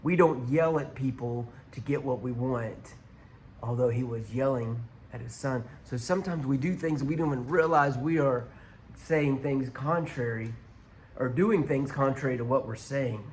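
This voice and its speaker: A man's voice: mid-range voice, moderate pace, a little mellow, slight background noise. A man preaching a conversational sermon to viewers watching online, speaking through a church sound system. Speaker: pastor.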